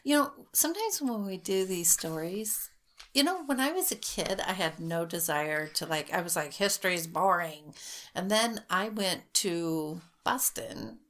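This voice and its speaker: A woman's voice: lowish voice, expressive, measured pace, fairly bright tone. A woman co-hosting a podcast, chatting casually and reacting with gasps and exclamations. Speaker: podcast co-host. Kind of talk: casual chat.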